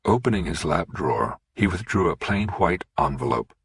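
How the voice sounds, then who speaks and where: A man narrating a suspense audiobook in a steady, unhurried reading. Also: sits low, vocal fry, husky, no room sound. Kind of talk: scripted narration.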